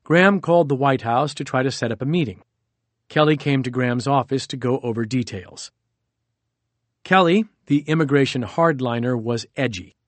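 A man's voice: medium pitch, normal speed, dry recording. Man with a dry, close narrating voice. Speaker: audiobook narrator. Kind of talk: nonfiction audiobook narration.

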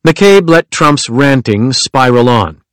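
A man giving a measured, even nonfiction audiobook narration. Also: medium pitch, clean tone, no echo.

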